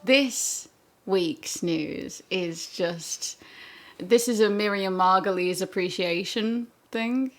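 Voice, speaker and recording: A woman's voice: medium pitch, takes it slowly, soft background music. A woman co-hosting a casual podcast, telling gossipy stories with lots of laughter. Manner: giggly, gossipy storytelling. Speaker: podcast co-host.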